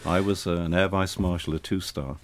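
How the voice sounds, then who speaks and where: A man's voice: sits low, fairly even intonation, brisk. An older man, a retired air force officer, reminiscing in an interview with dry humour. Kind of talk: reminiscing in conversation.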